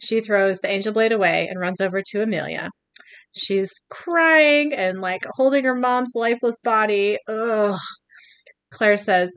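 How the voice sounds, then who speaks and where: A woman's voice: medium pitch, unhurried, fairly bright tone, smooth, dry recording. A young woman co-hosting a podcast, reading scenes out in a casual recap and often laughing and breaking off. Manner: narrates scenes, laughs and breaks off mid-read. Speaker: podcast co-host recapping an episode.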